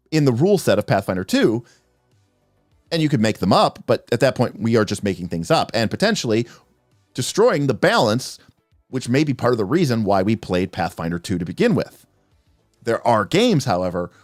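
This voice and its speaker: A man hosting a livestream, talking about tabletop role-playing games as a game master and acting out players' lines in quick asides. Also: medium pitch, dry recording, studio quality. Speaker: game master and podcast host.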